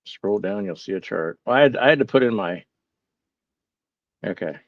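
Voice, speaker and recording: A man's voice: on the low side, animated, moderate pace, no echo, lo-fi sound. A man hosting a casual live stream, musing aloud, reading chat replies and poking fun at his own confusion. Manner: bemused, self-mocking. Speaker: livestream host.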